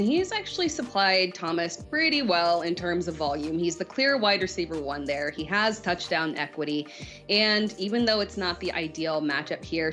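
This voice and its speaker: A woman's voice: lowish voice, a bit bright. A woman giving confident fantasy football advice in a conversational way. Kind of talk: conversational sports analysis.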